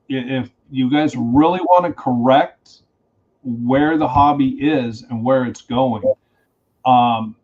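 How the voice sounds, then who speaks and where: A man who is a guest on a casual podcast, a reptile breeder speaking in a blunt, animated way. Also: mid-range voice. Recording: slightly dull lo-fi sound.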